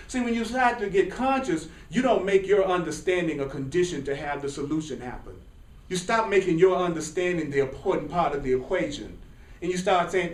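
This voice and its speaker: A man's voice: high voice, brisk. A man teaching a spiritual class to a group, emphatic and preacherly, repeating phrases for stress. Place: classroom with a small audience. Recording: echoey room, mic at a distance, faint hiss.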